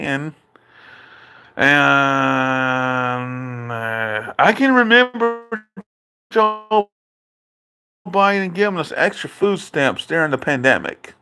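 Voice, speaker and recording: A man's voice: mid-range voice, sharp tone. A man ranting in a political commentary vlog, indignant and repetitive, speaking directly to his father. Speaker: video creator.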